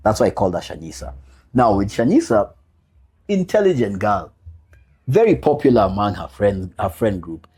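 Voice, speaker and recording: Male podcast guest, husky and animated in pitch, earnest and personal. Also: normal speed. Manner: heartfelt, repeats key phrases for emphasis; casual slang mixed with earnest reflection. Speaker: podcast guest, single father. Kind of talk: personal storytelling in a podcast interview.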